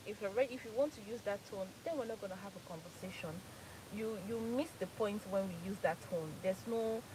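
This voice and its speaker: Lively Nigerian woman hosting a live chat. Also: medium pitch, slight background noise, rough recording. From Nigeria, Port Harcourt. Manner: laughs often, repeats phrases for emphasis. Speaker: live stream host.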